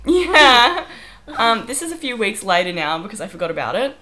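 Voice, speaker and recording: A woman's voice: a little high, big pitch swings, normal speed, sharp tone. A young woman co-hosting a podcast, chatting casually and telling stories with giggles while sick with a wheezy voice. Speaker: podcast co-host. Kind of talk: casual chat.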